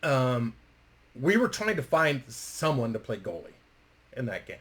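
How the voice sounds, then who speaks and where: In a medium-pitched voice at a measured pace, a man recounts a story in a lively, casual way, swearing without restraint and acting out what others said.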